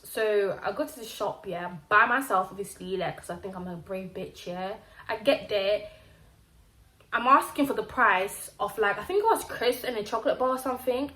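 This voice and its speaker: A young woman from Zimbabwe tells a casual vlog story. She talks in a lively, slangy way and acts out the quotes. Her voice sits at an ordinary pitch, and a room echo hangs around it. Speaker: vlogger. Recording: roomy echo.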